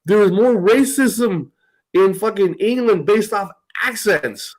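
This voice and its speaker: An American man with a high voice hosts a podcast, taking his time as he rambles through profane, casual chat and laughs often. The recording quality is low.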